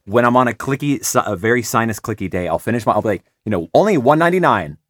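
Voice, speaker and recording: A man's voice: on the low side, quick pace, fairly bright tone, no room sound, clean studio sound. A man, a voice actor, talking shop casually, rambling and breaking off mid-thought to demonstrate sounds. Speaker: voice actor guest.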